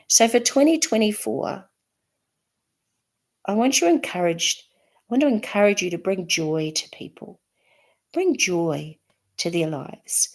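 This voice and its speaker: A woman's voice: on the low side, gravelly. A woman with a New Zealand accent chatting to camera in an encouraging, chatty way. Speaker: vlogger. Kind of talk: casual chat to camera.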